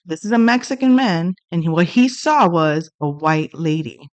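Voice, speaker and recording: A woman's voice: fairly low pitch, moderate pace, dry recording. A middle-aged woman telling a personal story in a casual monologue, blunt and profane, acting out the exchanges as she goes. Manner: blunt, profane, animated retelling.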